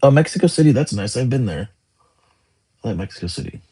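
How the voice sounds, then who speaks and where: Very animated and fast-talking, a young man with a mid-range, warm, slightly rough voice hosts a casual livestream, rambling as he answers comments from viewers.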